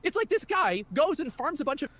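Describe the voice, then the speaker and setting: High, fast, indignant ranting man. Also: big pitch swings, fairly bright tone. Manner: heated, profane, indignant ranting. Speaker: streamer. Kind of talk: ranting stream commentary.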